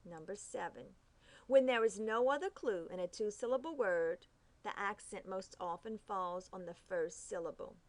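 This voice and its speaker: A woman teaching phonics rules, reading each rule slowly and carefully, sounding out the letters. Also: mid-range voice. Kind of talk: phonics lesson.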